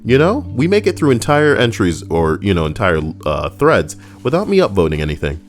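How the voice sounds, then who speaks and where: A man hosting a casual reaction stream, talking in a slangy, animated way and swearing freely. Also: lowish voice, a little fast, a little hiss or hum. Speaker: streamer host.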